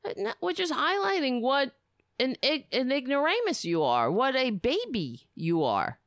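A woman's voice: sits high, very animated, moderate pace, no room sound, studio quality. A woman hosting a political commentary show, delivering a profane, sarcastic, angry rant.

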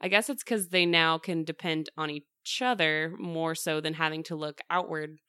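A woman's voice: deep voice, steady tone, normal speed, pushed and bright, clear, resonant tone, dry recording, studio quality. A woman hosting a casual chat about a study, talking in a chatty way with many fillers.

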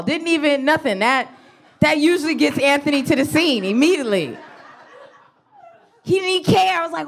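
A woman's voice: normal speed, vocal fry, pauses often. A woman comedian, telling a personal story on stage and acting out her own lines with laughs. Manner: animated, acts out her own quotes with big pitch jumps and laughs. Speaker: stand-up comedian. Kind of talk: live stand-up storytelling.

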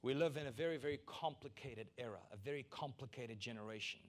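A man preaching a sermon as pastor, emphatic and repeating key lines, building to loud peaks. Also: mid-range voice, quick pace.

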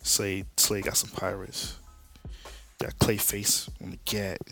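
Podcast host, man, deep gravelly voice, slangy laid-back comic recap. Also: completely flat delivery, slow pace, sharp tone, soft background music. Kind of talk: casual comic-book recap.

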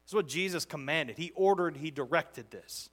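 Bright-voiced, high-pitched male preacher. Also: normal speed. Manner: conversational preaching, emphatic and animated, with frequent restarts. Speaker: pastor. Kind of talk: expository sermon.

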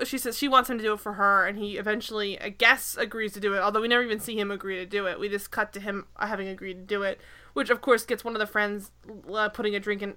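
A woman co-hosting a casual chat, retelling a sitcom episode in an animated, exasperated way. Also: medium pitch, clear, resonant tone. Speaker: podcast co-host recapping a sitcom.

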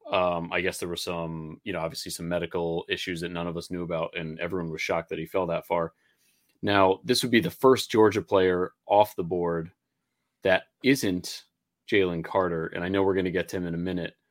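A man's voice: low-pitched, fairly even intonation, fairly quick. A man co-hosting a podcast, chatting and analyzing football picks, with fillers and repeated words. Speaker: podcast co-host. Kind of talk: casual sports podcast chat.

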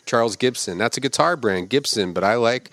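A man hosting a comedy podcast, roasting names from film credits with crude, profane insults. He reads each name slowly, then fires off the joke quickly. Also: medium pitch, expressive, fairly bright tone, dry recording. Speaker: podcast host.

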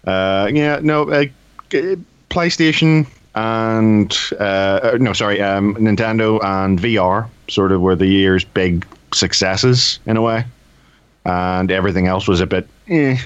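A low-voiced man rambles wryly through casual podcast chat, often stopping to correct himself. The recording sounds dull and dry, with muffled highs and no room echo. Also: a little slow, clean tone. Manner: rambling, self-correcting, wry. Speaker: podcast co-host.

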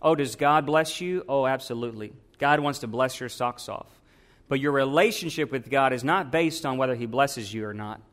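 A man's voice: mid-range voice, normal speed, fairly bright tone. A man, a pastor, preaching a sermon and asking his congregation questions.

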